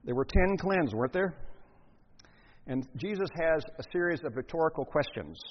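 A man with a slightly high, husky voice preaches a lively sermon and acts out the scenes. His pitch and volume swing widely. The sound is muffled and lo-fi, with a long reverb from a large church. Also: normal speed.

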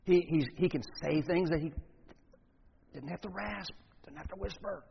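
A man preaching a sermon in an animated way, acting out scenes with big swings in pitch and volume. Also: normal speed, vocal fry, slight background noise. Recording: long hall reverb, muffled lo-fi sound.

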